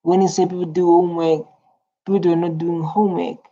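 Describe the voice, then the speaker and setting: A woman's voice: on the low side, level tone, brisk, dark tone. A woman giving rambling, chatty reaction commentary, often repeating her words. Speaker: reaction video host. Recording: slightly muffled lo-fi recording.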